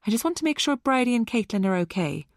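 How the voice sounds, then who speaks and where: Woman voicing a frantic, high-strung mother. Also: very animated, quick pace, dry recording, studio quality. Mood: distracted, worried. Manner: tense, pleading, raised voice.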